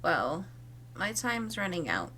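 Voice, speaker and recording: Woman whispering as a gentle goat boy, whispered role-play. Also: fairly low pitch, sing-song, slow pace, noisy background. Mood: tender. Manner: soft, hushed, tender. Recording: loud game music behind.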